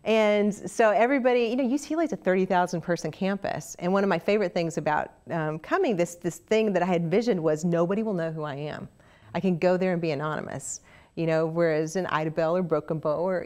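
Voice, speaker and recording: Guest spot: middle-aged Oklahoma woman, Southern twang, lower-pitched, animated storyteller full of fillers. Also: a little fast. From Oklahoma, USA. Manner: animated, chatty, many restarts and fillers. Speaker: interview guest, actress. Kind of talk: casual interview storytelling.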